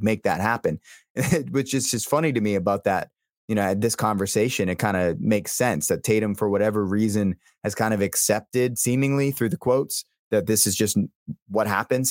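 A man's voice: low-pitched, no room sound, clean studio sound. A man co-hosting a casual sports podcast, telling stories in an easygoing way and stumbling over his words. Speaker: podcast co-host.

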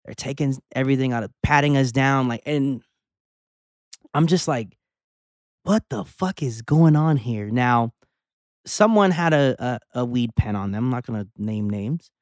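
A young adult man co-hosting a podcast, telling a story in a casual, animated way, acting out the dialogue and swearing. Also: mid-range voice, moderate pace, no room sound, studio quality. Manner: animated storyteller, acts out dialogue, curses, says "like" a lot. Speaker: podcast co-host.

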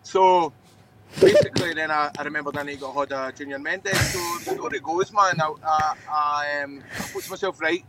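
A man's voice: fairly high pitch, moderate pace, noisy background. A Scottish man on a video call, telling a story casually in a rambling, hesitant way with some swearing. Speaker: podcast regular on a video call.

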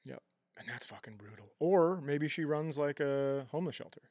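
A man's voice: on the high side, lively intonation, darkish tone, dry recording, clean studio sound. Teasing man chiming in on a podcast. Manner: quick teasing interjections, playful. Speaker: podcast co-host. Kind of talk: casual comedic chat.

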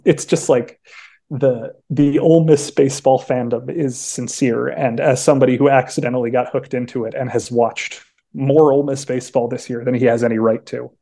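A young man chats as a podcast guest, spinning long stories and slipping into quoted voices. His tone is mellow and warm, and his pitch sits in a middle range. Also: a little fast. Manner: chatty storyteller, frequent restarts and acted-out quotes. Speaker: podcast guest, sports beat writer. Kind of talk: casual chat.

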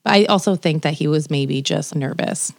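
A young woman co-host chats in a casual podcast conversation, her voice sitting a little low for a woman. She tells stories with energy, acting out what others said and dropping "like" often, recorded dry and close with no room sound. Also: normal speed, vocal fry, no echo. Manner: animated storyteller, quoting others, heavy "like" fillers. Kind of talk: casual chat.

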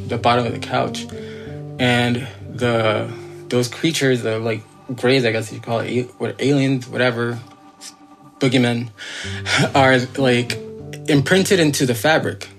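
A man of ordinary pitch relays his own eerie experience as a guest, circling back on himself with fillers and half-finished words. He speaks earnestly and a little insistently, as if pressing to be believed. A faint bed of music sits under his voice. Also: steady tone, a little slow, vocal fry. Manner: rambling, full of fillers and restarts. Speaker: guest telling his own encounter story. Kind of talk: casual spoken storytelling.

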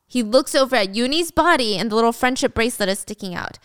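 A young woman hosting a casual show, recapping a drama with animated storytelling. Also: fairly high pitch, fast, no room sound, clean studio sound. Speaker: host.

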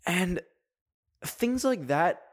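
A man's voice: high voice, expressive. A young man from Canada with a Canadian accent, hosting a casual solo podcast in a chatty, rambling way full of fillers. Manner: chatty, rambling, many fillers, quick laughs. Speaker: podcast host.

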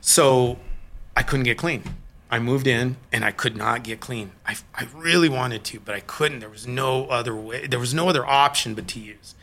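A middle-aged man from Colorado telling his own story of hard times as an interview guest, candid and halting. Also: mid-range voice, vocal fry, pushed and bright. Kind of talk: personal recovery story in an interview.

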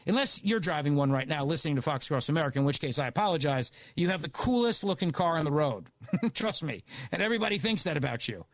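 Animated, sarcastic male talk radio host. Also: a little high, fast talker, no room sound. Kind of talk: opinionated talk radio monologue.

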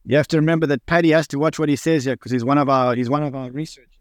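A man's voice: fairly high pitch, little pitch movement, very fast, no echo, clean studio sound. A man with a South African accent, a co-host on a live audio panel, explaining at length and running through lists of figures. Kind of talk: casual panel talk.

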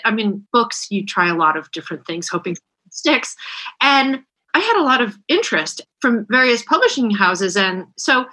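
Lively bright-voiced woman author. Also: on the high side, a little fast. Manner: candid, self-deprecating, lots of restarts and fillers. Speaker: author guest. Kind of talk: casual interview chat.

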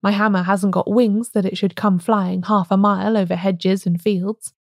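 A woman reading a storybook, voicing a loud, forthright male blacksmith. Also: medium pitch, fairly even intonation, moderate pace, dry recording, studio quality, close to an everyday voice. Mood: insistent.

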